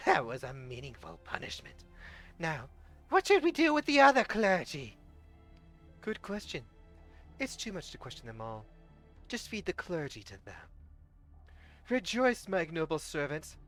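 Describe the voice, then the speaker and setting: A cruel, vengeful witch queen who mocks and commands in slow, drawn-out words, as a streamer voices her. The voice rises to gloating heights and then drops to a menacing hush. Soft music plays beneath the reading. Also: mid-range voice. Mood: commanding. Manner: slow, taunting and theatrical, dropping to a menacing hush. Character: cruel vengeful mocking young witch woman. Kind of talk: live-streamed game story reading.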